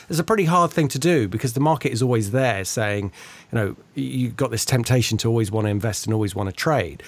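A man in casual conversation, telling stories about trading and acting out the voices of the traders he quotes. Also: medium pitch. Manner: animated storyteller, acts out quoted traders. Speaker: market commentator.

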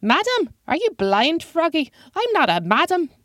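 A woman voicing a wild-eyed, cranky old man with a high-pitched, shrill voice, in a spoken story with music behind it. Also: sing-song, unhurried, no room sound, clean studio sound, exaggerated voice. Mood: irate. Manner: shrill and indignant.

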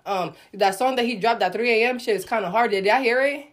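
A woman who manages a music artist and hosts a casual chat, telling stories in an animated, slangy way. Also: fairly high pitch, fairly quick, a crowd in the background. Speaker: podcast host and music manager.

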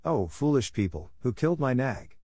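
A man voicing a vengeful female cobra who hisses slow, taunting threats in a storybook reading. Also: mid-range voice, big pitch swings, warm tone, slightly rough, dry recording, clean studio sound, voice pushed up. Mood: menacing. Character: vengeful female cobra queen, cold and menacing.

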